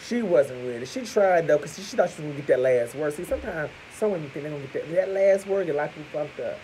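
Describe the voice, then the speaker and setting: Man, vlogger, slightly high voice that swings wildly up and down; crude and profane, keeps calling out to the viewers. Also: expressive, fast, dark tone, a little hiss or hum, rough recording. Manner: addresses viewers as "y'all". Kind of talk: profane celebrity gossip commentary.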